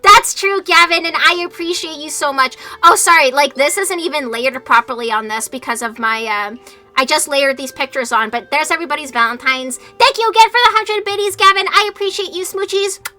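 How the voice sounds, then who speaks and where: A woman streamer chatting live over a game, animated and exasperated, swearing freely, at a desk mic with faint music behind. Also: high voice, brisk. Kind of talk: casual livestream chat over a game.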